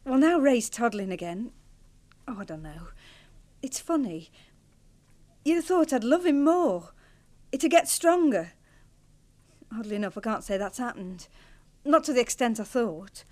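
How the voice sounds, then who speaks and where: A wife caught between loyalty and longing. Her voice sits high and swings widely as she pleads and hesitates, emotional but steady in intent. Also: a little slow, long pauses. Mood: confiding. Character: torn married woman ending an affair. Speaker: actor in a TV drama.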